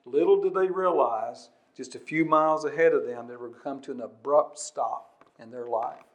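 A man's voice: mid-range voice, moderate pace. Earnest man preaching with emphasis. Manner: earnest, emphatic preaching with repetition, shifting between loud and quiet. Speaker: pastor. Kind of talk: sermon.

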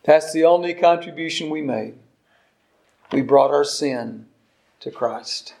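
A man in his sixties preaching a sermon, emphatic, with soft asides and loud stresses. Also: fairly high pitch, slow pace. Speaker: pastor.

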